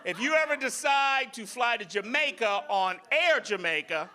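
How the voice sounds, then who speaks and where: A man doing loud, profane stand-up comedy on a club stage and teasing the audience. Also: very high-pitched, expressive, moderate pace. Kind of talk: live stand-up comedy with crowd work.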